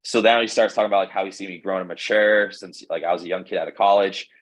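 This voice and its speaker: A young man, a pro baseball pitcher, telling his story in a casual interview, rambling with lots of fillers and quoted dialogue. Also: fairly even intonation, fast talker, low-quality recording. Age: young adult.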